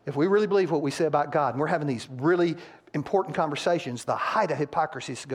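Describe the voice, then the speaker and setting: A man's voice: a little high, rapid-fire, husky. A male pastor preaching a sermon in a church and acting out quotes from couples to make his points. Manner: animated, acts out couples' quotes, rising loud on punchlines. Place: church sanctuary.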